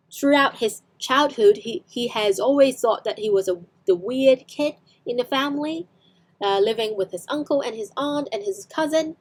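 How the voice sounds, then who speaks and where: Hong Kong-accented woman English tutor, a touch high-pitched, chatty explainer who restarts her sentences. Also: darkish tone. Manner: explanatory, with frequent fillers and self-corrections. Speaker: English teacher. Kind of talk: online English lesson explaining film clips.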